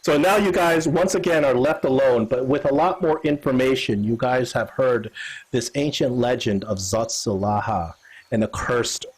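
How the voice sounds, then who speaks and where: Husky man running a tabletop game. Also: mid-range voice, normal speed, low-quality recording. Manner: rambling narration with many fillers and restarts. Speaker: game master.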